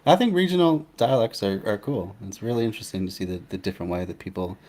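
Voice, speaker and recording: Deep-voiced man chatting hesitantly. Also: fast. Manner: relaxed, hesitant, many fillers and restarts. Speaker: host. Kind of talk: casual chat.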